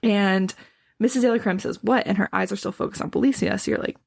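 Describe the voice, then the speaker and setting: A woman's voice: mid-range voice, fairly quick, gravelly. A woman co-hosting a podcast, chatting casually through a book recap, reading passages aloud and laughing often. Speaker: podcast co-host.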